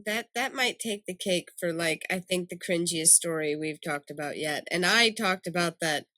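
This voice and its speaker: Woman co-host, bright voice, dry close sound, candid casual chat. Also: fairly low pitch, normal speed, no echo. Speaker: podcast co-host.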